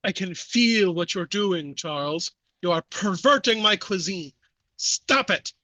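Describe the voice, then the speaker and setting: Scheming trapped French chef who eats ghosts, put on by a man, muffled, high-ish and persuasive. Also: expressive, unhurried, bright, forceful tone, dry recording, exaggerated voice. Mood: threatening. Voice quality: muffled, pleading then bargaining. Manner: wheedling, persuasive.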